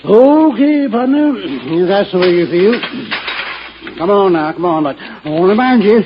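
An actor playing a jovial, rough-talking small-town judge with a folksy drawl in a 1950s radio drama. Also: male voice, sits high, animated, a little slow, crowd noise. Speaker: self-styled judge. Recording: dull lo-fi old radio recording with hiss.

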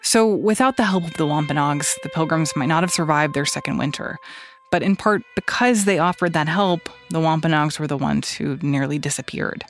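A podcast host reading scripted news narration crisply. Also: mid-range voice, normal speed, faint music behind.

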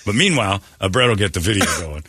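Bright, raspy morning radio host. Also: male voice, deep voice, expressive, quick pace, dry recording, clean studio sound. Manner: laughing, egging on the guest. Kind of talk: casual radio banter.

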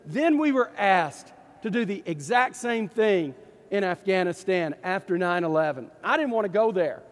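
A man from East Texas with an East Texas accent, a pastor telling a story in a folksy, animated sermon. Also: high voice, normal speed, big-room sound. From East Texas, USA.

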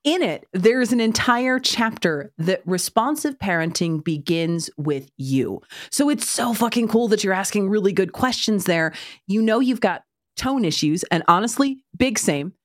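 A woman's voice: medium pitch, lively intonation, normal speed, dry recording, clean studio sound. A woman in her thirties co-hosting a parenting podcast, talking frankly with casual swearing and wry asides. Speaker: parenting podcast co-host and author. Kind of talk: casual chat.

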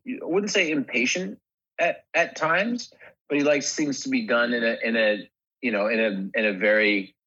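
A man, an actor, chatting in an interview, halting and restarting his sentences often. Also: medium pitch, bright, forceful tone, breathy edge, muffled recording. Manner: halting, many restarts and fillers. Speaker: actor guest. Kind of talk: casual interview chat.

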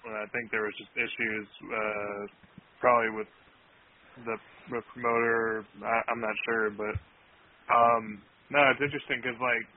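A man's voice: mid-range voice, level tone, moderate pace. Young man, host, hesitant speech, phone-like sound. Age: young adult. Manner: hesitant, full of fillers. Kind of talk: casual radio chat. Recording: tinny phone-like line.

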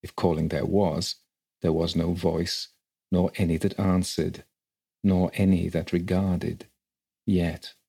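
A man reading a classic ghost story aloud in a measured, dramatic way. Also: sits low, level tone, creaky, warm tone, slightly rough. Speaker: story reader.

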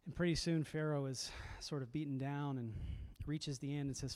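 A man's voice: fairly high pitch, fairly even intonation, normal speed, a little mellow. A man preaching a sermon as a pastor, reflective and conversational, often repeating words as he goes.

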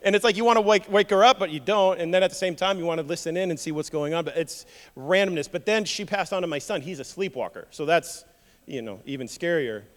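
A male pastor preaching a sermon, an animated, joking storyteller who often repeats words, recorded in a church. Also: fairly high pitch, a little fast. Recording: long hall reverb.

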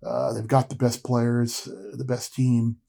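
A man with a mellow, warm voice co-hosts a casual sports podcast. He rambles in a relaxed way, restarting his sentences as he goes. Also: medium pitch, unhurried, gravelly. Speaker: podcast co-host.

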